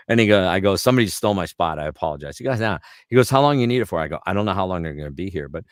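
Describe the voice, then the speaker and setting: Deep-voiced middle-aged man telling stories. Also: fast, no room sound, clean studio sound. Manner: animated anecdotes, slips into character voices for quotes. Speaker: voice actor guest. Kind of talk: casual storytelling chat.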